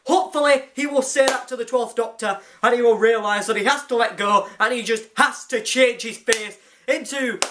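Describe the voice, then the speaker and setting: A hyper fan reviewer recaps an episode in a rush of excitement. The speaker rambles and gushes, circling back with "anyway" again and again. The voice sits at a middling pitch. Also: normal speed, a little hiss or hum. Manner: hyper, gushing and rambling, often restarts with "anyway".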